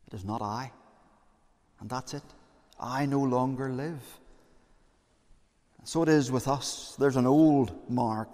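A man's voice: mid-range voice, darkish tone. A man preaching a sermon as pastor, earnest and conversational, with fillers and repeated phrases. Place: church. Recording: long church reverb.

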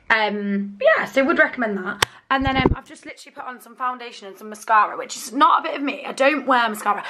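A woman's voice: mid-range voice, pushed and bright. A woman in her twenties chatting casually to the camera in a rambling, chatty way, sometimes swearing when annoyed, filmed on a dashboard camera in a car. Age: 20s. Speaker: vlogger. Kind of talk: casual vlog chat.

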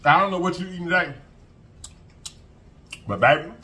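A man's voice: high voice, moderate pace. A man hosting an eating show, chatting to viewers and humming as he tastes. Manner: animated, savoring with hums and mm-hmms; chatty, calls viewers y'all and baby. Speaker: food vlogger.

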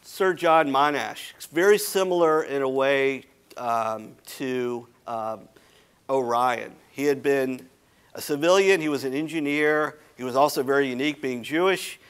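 A man's voice: medium pitch, unhurried, a bit bright, smooth. An American man giving a history lecture at a symposium, talking casually with many ums and restarts. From United States. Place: lecture hall.

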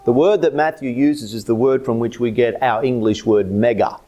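A man with an Australian accent preaching a sermon as pastor, swinging between loud emphatic lines and low hushed ones. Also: moderate pace, highs cut off.

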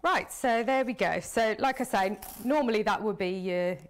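A woman's voice: mid-range voice, normal speed. A chatty woman leads a live card-making demonstration. She talks easily through each step while her hands keep working. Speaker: craft demonstrator.

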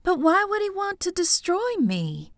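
A woman's voice: very high-pitched, huge pitch swings, unhurried, no room sound, studio quality, voice pushed up, exaggerated voice. A woman doing an anxious young vampire woman. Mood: earnest. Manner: earnest, pleading.

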